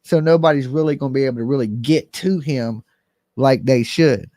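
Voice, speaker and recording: A man's voice: medium pitch, moderate pace, warm tone, no room sound, studio quality. A man hosting a live call-in commentary stream, talking bluntly and emphatically straight to his viewers. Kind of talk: casual livestream commentary.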